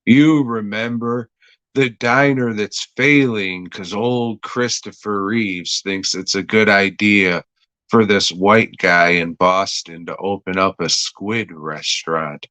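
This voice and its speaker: Slow-talking, profane man recapping an episode. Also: fairly low pitch, bright, forceful tone, no room sound. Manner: rambling, profane, jokey. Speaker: podcast host reviewing a TV episode.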